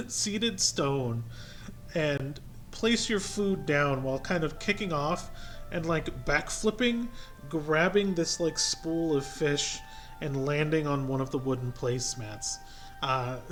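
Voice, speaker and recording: A man narrating a tabletop game as game master, relaxed and hesitant with many fillers. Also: a little high, takes it slowly. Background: music.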